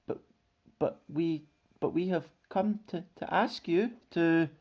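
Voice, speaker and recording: Storybook: man doing small squeaky creature, high and bouncy. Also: expressive, a little slow, dark tone. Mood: timid. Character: small eager male creature named Basil.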